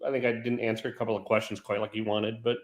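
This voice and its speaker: A man co-hosting a casual chat, teasing in a dry, deadpan way. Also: fairly low pitch, quick pace. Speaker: co-host. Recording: echoey room.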